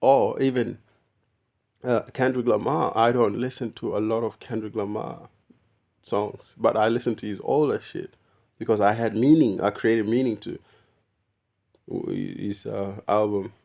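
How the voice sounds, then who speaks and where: A man's voice: lowish voice, steady tone, measured pace, vocal fry, pauses often, darkish tone. A man talking casually straight to the viewer in a rambling monologue, often calling the listener "bro" and mimicking the greetings of other people. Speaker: vlogger.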